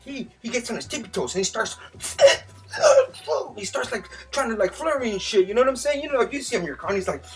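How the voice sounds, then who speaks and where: A man's voice: high-pitched, animated, fast talker, soft background music. A young man giving casual boxing predictions, rambling and swearing a lot, his voice jumping up when he gets worked up. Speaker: boxing commentator making fight predictions. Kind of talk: casual profane monologue.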